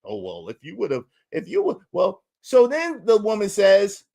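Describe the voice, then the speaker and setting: Excitable high-pitched man ranting. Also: a little slow, gravelly. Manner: excitable, repeats phrases, bursts into loud outbursts; indignant, incredulous. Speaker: livestream show host. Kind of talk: animated storytelling rant.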